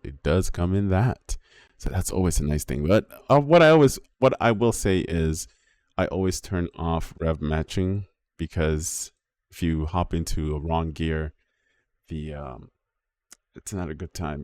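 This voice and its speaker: A man's voice: low voice, a little mellow, dry recording. A man hosting a car video, chatting casually and swearing freely as he goes through a list of cars. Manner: chatty, swears, laughs at himself. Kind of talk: casual commentary.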